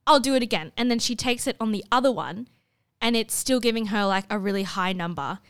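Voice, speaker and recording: A young Australian woman telling a story in a chatty, animated way, full of fillers. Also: medium pitch, brisk, clear, resonant tone, no echo, studio quality. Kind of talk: casual storytelling chat.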